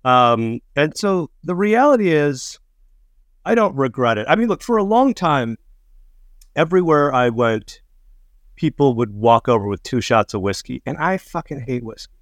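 A man's voice: medium pitch, big pitch swings, moderate pace, no room sound, studio quality. A man telling loose, profane stories in casual chat, stumbling through restarts and stammers as a comedian and director. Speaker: comedian and film director, podcast guest.

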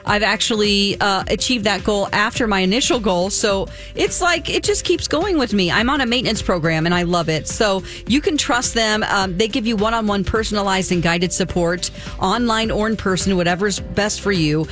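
A woman's voice: mid-range voice, normal speed, hardly any pauses, fairly bright tone, faint music behind. A woman co-hosting a morning radio show, telling gossip in a giggly, chatty way. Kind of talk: casual morning radio chat.

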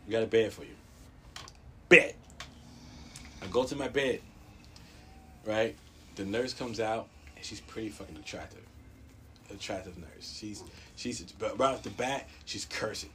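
Man, casual storyteller, loud cursing, acts out quotes with big high jumps, faint noise. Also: moderate pace, pauses often.

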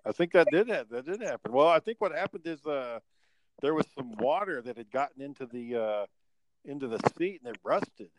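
This podcast co-host, a young adult man with a mid-range voice, talks fairly quickly. He spins rambling, profanity-heavy stories in casual chat with animated energy, and the audio quality is poor.

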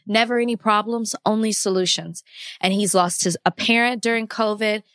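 A woman's voice: medium pitch, fairly even intonation, normal speed, fairly bright tone, dry recording. A woman with a mid-range voice speaks earnestly on a podcast. Her chat is reflective and easy. The close, dry mic leaves no room sound. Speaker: podcast co-host. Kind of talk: casual chat.

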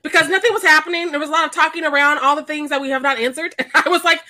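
A woman with a high, bright voice talks through a movie in a loose podcast chat. She laughs often and breaks into little acted-out quotes, lively and a bit exasperated. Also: rapid-fire. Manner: animated, laughing, acts out quotes. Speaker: podcast co-host. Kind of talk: casual chat.

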